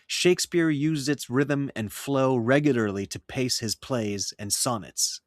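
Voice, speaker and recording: A man teaching how to write poetry in meter, speaking in a measured, scripted way and reading verse aloud with clear rhythm. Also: medium pitch, no room sound, clean studio sound. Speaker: writing teacher. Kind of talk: scripted lesson narration.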